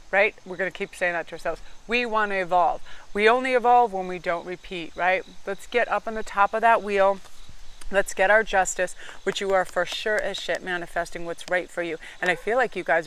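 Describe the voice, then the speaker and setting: A middle-aged woman giving a pick-a-card tarot reading, talking rapidly and energetically with casual swearing. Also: lowish voice, fairly bright tone, clear, resonant tone. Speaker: tarot reader.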